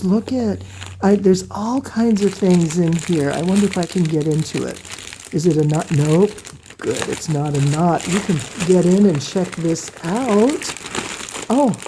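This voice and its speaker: A woman hosting a quilting vlog, gushing with excited exclamations as she shows items to the camera in her home sewing room. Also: mid-range voice, slight background noise. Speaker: quilting channel host. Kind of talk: casual show-and-tell vlog. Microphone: camera close by on a table.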